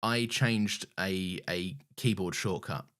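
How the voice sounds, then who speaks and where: A man with a lowish voice co-hosts a rewatch podcast. He talks in relaxed, casual chat, full of jokes and the odd swear word. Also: slow pace. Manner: jokey, sweary, banter-heavy. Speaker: podcast co-host.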